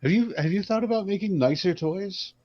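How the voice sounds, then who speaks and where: A man's voice: sits high, a little fast. Playful male player, dull lo-fi sound. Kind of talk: casual tabletop role-play.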